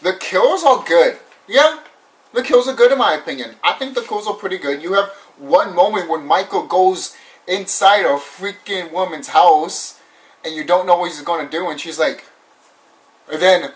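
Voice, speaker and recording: A young man casually ranting through a movie review, animated and repetitive, swearing often and laughing now and then. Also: high voice, normal speed. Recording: voice somewhat far from the mic.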